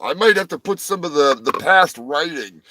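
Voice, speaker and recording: A man's voice: on the high side, expressive, normal speed, bright, forceful tone, dry recording, rough recording. A man hosting a rambling comedic livestream, crude and joking, often trailing off into mumbles. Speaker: livestream host. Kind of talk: rambling comedic live chat.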